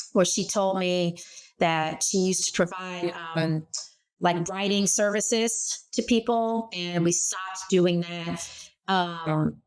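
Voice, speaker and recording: A middle-aged woman speaking as a guest in an interview, telling lively personal stories from her working life. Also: lowish voice. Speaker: guest, former startup CEO. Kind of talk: conversational interview.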